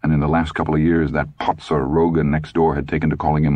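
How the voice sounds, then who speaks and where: Very deep-voiced man narrating a novel. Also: fairly even intonation, fast, hardly any pauses, no room sound, highs cut off. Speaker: audiobook narrator. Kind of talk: scripted audiobook narration.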